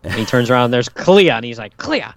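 A man's voice: medium pitch, expressive, a little fast. A man co-hosting a casual podcast, laid-back and amused as he recounts a comic scene. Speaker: podcast co-host. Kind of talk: casual comic-book discussion.

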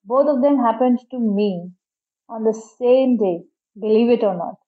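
A woman narrating a storybook in a lively, expressive first-person reading. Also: a little high, normal speed. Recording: tinny phone-like sound.

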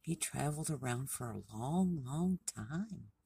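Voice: medium pitch, expressive, measured pace, creaky, mellow, husky, recorded from a distance. A storyteller telling a children's animal tale in a homespun, casual way, with many dialogue tags.

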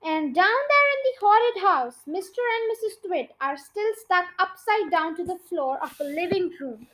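Female podcast reader, high-pitched and bright, chatty, trips over words. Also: lively intonation, normal speed, rough recording. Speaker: podcast storyteller. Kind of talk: reading a children's book aloud.

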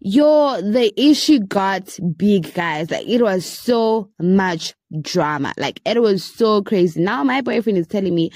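A woman's voice: unhurried, dry recording, studio quality. A young woman in her twenties from Zimbabwe, hosting a podcast and telling a story casually, acting out the people she quotes with big leaps in her voice. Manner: animated, acts out quoted voices with big pitch jumps. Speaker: podcast host.

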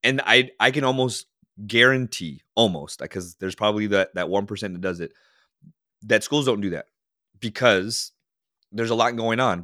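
A man's voice: fairly low pitch, no room sound, clean studio sound. A man guest on an interview podcast, talking casually and acting out voices of the people in his stories. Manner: animated storyteller acting out quoted dialogue. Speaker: podcast guest, leadership consultant.

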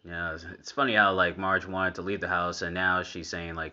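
A man's voice: low voice, flat delivery, bright, forceful tone, dull audio. A man giving casual commentary while watching a cartoon episode. He laughs often and chats in an easy way. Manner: laughs often, unhurried and chatty.

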